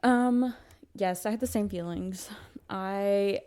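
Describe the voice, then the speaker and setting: A woman's voice: mid-range voice, slow pace, warm tone. A young woman co-hosting a podcast, chatting casually about books, gushing and rambling with lots of fillers and laughter. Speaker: podcast co-host. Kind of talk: casual book chat.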